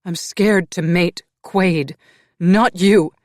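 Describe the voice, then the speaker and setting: A man's voice: moderate pace, gravelly, husky, no room sound, studio quality. A man voicing a frightened, defiant young woman. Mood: angry. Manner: shrill when angry, anxious and questioning.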